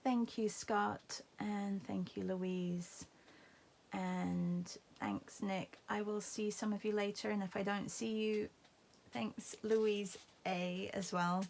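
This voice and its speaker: A woman's voice: medium pitch, fairly even intonation, takes it slowly, vocal fry, a little mellow, a little hiss or hum. A woman teaching a live painting class, chatting and thinking aloud as she paints. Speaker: art teacher. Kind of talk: live painting demo, casual commentary.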